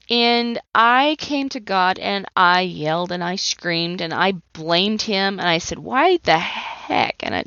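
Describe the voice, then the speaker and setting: A woman in her thirties, a trauma coach hosting her own podcast, shares her personal story in an earnest, emotionally open monologue. Her voice is fairly low, a bit bright, clear and resonant, with no echo in a slightly muffled, dry recording.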